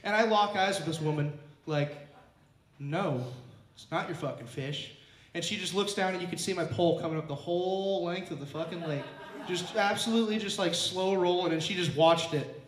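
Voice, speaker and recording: Young man, high-pitched storyteller, crude and animated, roomy echo. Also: a little fast. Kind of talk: storytelling to a live audience. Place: roomy clubhouse. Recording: echoey room.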